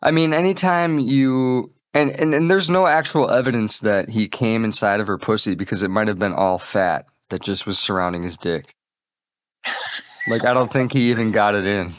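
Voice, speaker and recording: A man's voice: fairly low pitch, normal speed, no room sound. Male comedy podcast host, crude and rambling, dry close-mic sound. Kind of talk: casual comedic banter.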